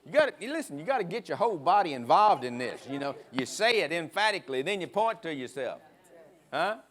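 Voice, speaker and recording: Male guest preacher, fairly high voice, rousing and emphatic, leads church call-and-response. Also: big pitch swings, a little fast, fairly bright tone. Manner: emphatic, prods the crowd with "huh?". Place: church sanctuary.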